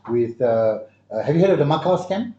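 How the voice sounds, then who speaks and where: A man's voice: medium pitch, lively intonation, fairly quick, a crowd in the background. A man with a Malaysian English accent, chatting casually and telling stories, slipping Malay words into his English. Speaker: guest. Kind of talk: casual chat. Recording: muffled, echoey room.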